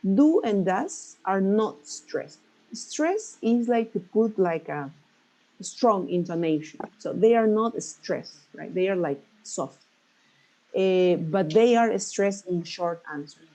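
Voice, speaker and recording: A woman's voice: medium pitch, warm tone, poor audio. A woman teaching an English class, patiently explaining stress and checking in with her students again and again. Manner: patient, checks in often with "right?".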